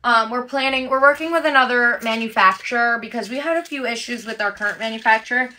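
A woman with a high, bright voice talks casually on a livestream as she packs orders. She chats in an upbeat, rambling way and fills pauses with ums and likes. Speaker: livestream host packing orders.

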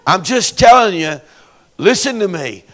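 Male pastor, bright high voice, storytelling sermon delivery. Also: big pitch swings, a little slow. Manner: storytelling, building to loud preaching. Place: church sanctuary.

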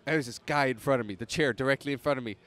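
A man guesting on a podcast, telling stories in a lively, casual way with quick restarts. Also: mid-range voice. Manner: animated storyteller, fast restarts. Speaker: podcast guest, prop maker. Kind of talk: casual chat.

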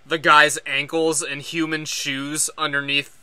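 A man's voice: on the high side, little pitch movement, measured pace, sharp tone, clear, resonant tone. A man co-hosting a podcast in casual chat, chiming in and laughing often. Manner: laughs often, chimes in with short agreements. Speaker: podcast co-host. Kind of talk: casual chat, film review.

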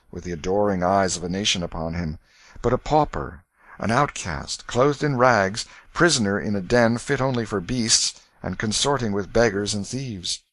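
A man reading an audiobook in a measured, clear storytelling manner. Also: low-pitched, fairly bright tone, no echo. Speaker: audiobook reader. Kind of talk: scripted narration.

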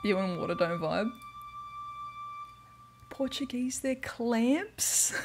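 A woman's voice: a little high, lively intonation, very slow, soft background music. A woman streaming a video game, chatting casually and playfully with lots of giggles. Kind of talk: casual livestream chat while playing a video game.

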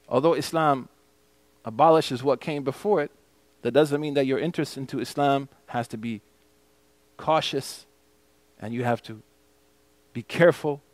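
A man's voice: medium pitch, no room sound. A man teaching a mosque class as imam. He explains a hadith text in English and recites the Arabic passages.

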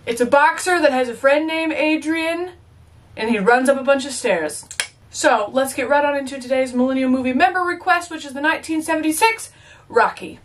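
A woman's voice: high-pitched, fairly quick, distant mic, slight background noise. A young woman chatting playfully as she reacts to a movie, with joking asides. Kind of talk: casual reaction commentary.

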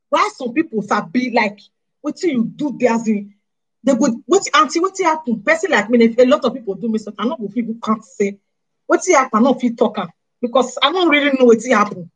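Speaking to camera in a Nigerian Pidgin accent, a female vlogger with a husky, somewhat breathy voice pitched a little high gives an animated monologue. She berates her viewers, firing off one rhetorical question after another, on a low-quality recording.

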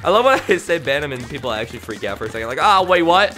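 A man doing live gameplay commentary on a stream, excitable and jokey, jumping from loud yelps to low mumbles. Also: very fast, faint music behind. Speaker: gaming streamer.

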